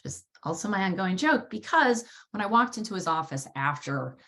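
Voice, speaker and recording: A woman hosting a solo podcast, telling a personal story in a lively, wordy way and swearing freely. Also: medium pitch, moderate pace. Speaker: podcast host.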